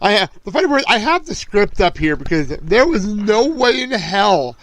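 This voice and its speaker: Male podcast host, animated and laughing, slightly high-pitched. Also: moderate pace, dry recording, low-quality recording. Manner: excitable, laughs often, loses his train of thought. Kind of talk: casual podcast chat.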